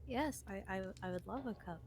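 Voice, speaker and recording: A woman's voice: mid-range voice, fairly quick, a crowd in the background. A woman playing a tabletop game, hesitant and stammering as she speaks in character. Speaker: player. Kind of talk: casual tabletop play.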